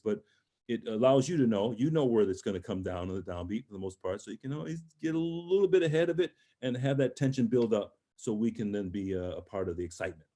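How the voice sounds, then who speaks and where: A middle-aged man coaching a singer over a video call, his voice mellow and warm in tone. He talks through phrasing in an encouraging way and now and then sings a short line to show it. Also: mid-range voice. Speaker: voice teacher giving a master class. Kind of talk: online master class coaching.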